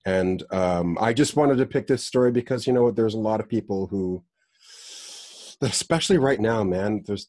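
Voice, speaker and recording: A man co-hosting a podcast, talking in a laid-back, earnest, halting way. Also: lowish voice, a little mellow, dry recording, clean studio sound. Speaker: podcast co-host. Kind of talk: casual podcast banter.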